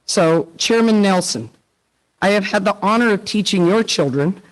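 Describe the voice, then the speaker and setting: A woman's voice: medium pitch, lively intonation, normal speed, low-quality recording. A woman teacher giving an earnest tribute speech at a public meeting, emotional and close to tears, quoting poets and leaders.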